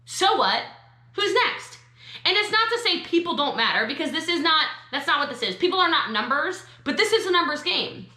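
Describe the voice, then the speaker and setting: A woman's voice: high voice, big pitch swings, pushed and bright, reverberant. A woman giving a sassy, emphatic motivational training talk to network marketers. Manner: sassy, emphatic, quick asides.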